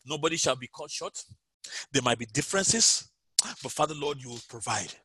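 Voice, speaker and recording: A man's voice: mid-range voice, lively intonation, normal speed, pushed and bright, husky, no echo, low-quality recording. A man preaching and leading prayer, chanting fervently and repeating "Father Lord" as he speaks to listeners at home. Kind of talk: prayer and sermon.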